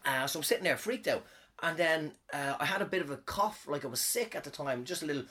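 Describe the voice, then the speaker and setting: A man's voice: fairly high pitch, lively intonation, fast talker, sharp tone, breathy edge. Guy doing comedy, rambling through a story, swears constantly, keeps trailing off. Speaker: comedian and podcast host. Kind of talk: casual storytelling.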